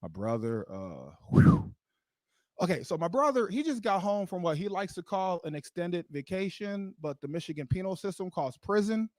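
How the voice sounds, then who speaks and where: Rambling man doing stand-up, higher voice. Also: wildly swooping pitch, moderate pace, a little mellow, no echo. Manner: loose and rambling, lots of "like", laughs at his own jokes. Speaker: stand-up comedian. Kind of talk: stand-up comedy set. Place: live comedy show venue.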